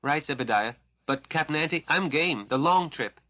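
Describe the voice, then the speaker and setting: A man's voice: fairly high pitch, expressive, moderate pace, no room sound, dull audio, voice pushed up, natural voice. A man reading an audiobook, voicing an eager, playful young woman who is a scientist's daughter. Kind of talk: audiobook character voice.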